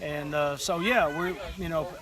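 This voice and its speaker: A man's voice: on the high side, fairly even intonation, unhurried. A man from Mississippi, chatting in a humble, folksy, easygoing way as a guest homesteader. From Mississippi, USA. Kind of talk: casual interview. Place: outdoors at a crowded gathering. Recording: crowd chatter in the background.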